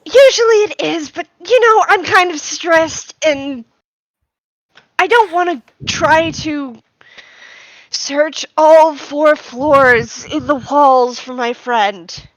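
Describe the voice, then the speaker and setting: Woman playing a tiny worried adventurer, high voice, slow and earnest, dry sound. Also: no room sound, rough recording. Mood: stressed. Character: tiny anxious person searching for a friend.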